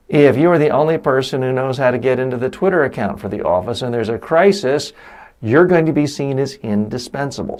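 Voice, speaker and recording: A middle-aged man as a course instructor, lecturing in an emphatic, animated way with quoted asides. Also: medium pitch. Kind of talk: recorded lecture.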